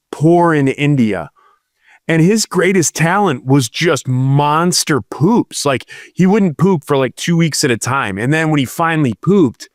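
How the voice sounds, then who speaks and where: Young male podcast co-host, unhurried, riffs on gross-out tangents, dry studio sound. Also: on the high side, dry recording. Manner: rambling, jokey, drawn-out storytelling. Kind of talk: casual comedic chat.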